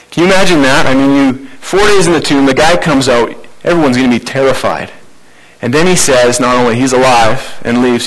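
A man's voice: mid-range voice, low-quality recording. Conversational male pastor preaching. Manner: conversational preaching with rhetorical questions. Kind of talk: sermon.

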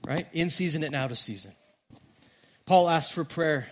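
A man preaching a sermon to his church, earnest, rising on key words and dropping soft at the ends of phrases. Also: on the high side, lively intonation, normal speed. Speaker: pastor.

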